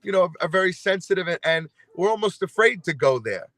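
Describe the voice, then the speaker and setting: A man from New York with a thick local accent, chatting casually as a guest. He tells stories with lots of uh's and restarts in a high, bright voice. The recording is dry and close. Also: fairly quick, no echo. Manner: animated storyteller, many fillers and restarts. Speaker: guest singer. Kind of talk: casual chat.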